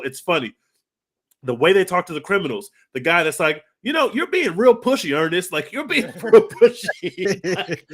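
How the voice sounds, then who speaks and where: Excitable man, high voice, casual podcast reviewer who swears and gushes. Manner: excitable, gushing, swears freely. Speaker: podcast co-host. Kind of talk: casual film review chat.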